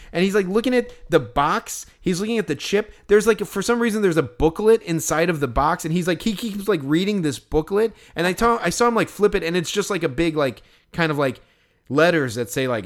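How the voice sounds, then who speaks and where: A man with a slightly high-pitched voice spins a rambling story in casual conversation. He talks animatedly and swears freely along the way. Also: animated, brisk.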